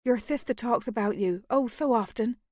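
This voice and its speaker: A deferential young maid with a West Country accent and a higher, brighter voice, as a woman reader puts her on. She is polite but not shy, in a dry, close storybook reading. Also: moderate pace, dry recording, natural voice. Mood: eager. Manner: deferential, homely. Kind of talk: audiobook character voice.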